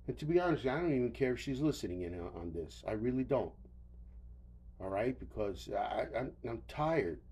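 A man's voice: medium pitch, warm tone, breathy edge. An older man hosting a solo podcast, rambling wearily with profanity and stammered restarts, tired and yawning. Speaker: podcast host.

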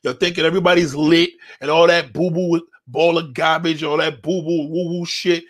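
A man's voice: a little high, fairly even intonation, moderate pace. A man hosting a show, reading viewer comments and answering them in a blunt, confrontational rant full of swearing. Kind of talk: profane ranting commentary.

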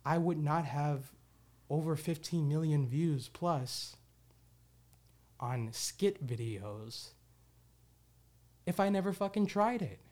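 A man's voice: fairly high pitch, takes it slowly, long pauses, a little mellow. A man hosting his own show, talking candidly and reflectively in a casual monologue, with loose restarts and the odd swear word. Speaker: podcast host.

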